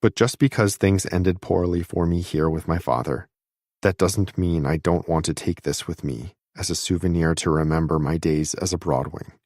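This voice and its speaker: Low-voiced guy reading a first-person audiobook, steady and close, dry studio sound. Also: normal speed, no echo. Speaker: audiobook narrator.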